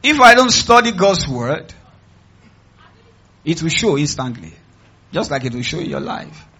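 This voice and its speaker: Husky Nigerian preacher calling out to his church. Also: big pitch swings, measured pace, highs cut off. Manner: emphatic call-and-response preaching, swinging from low asides to loud cries. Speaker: pastor. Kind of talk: sermon.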